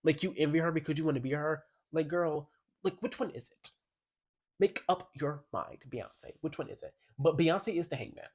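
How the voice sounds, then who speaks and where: A man reviews an album in a casual vlog, sassy, slangy, and emphatic, sometimes reading song lyrics aloud. His voice is a little high and slightly mellow, at a normal speed.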